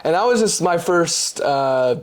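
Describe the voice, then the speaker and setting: A young man as a podcast guest, talking casually and telling stories with lively put-on voices for the people he quotes. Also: on the high side, unhurried. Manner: animated storytelling, acts out quoted voices, swears casually. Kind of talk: casual conversation.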